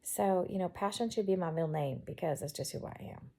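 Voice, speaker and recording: A woman's voice: on the low side, a little fast, dark tone. A woman with a Southern accent chatting in her bedroom, rambling and quirky as she talks to her viewers. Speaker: vlogger. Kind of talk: casual chat.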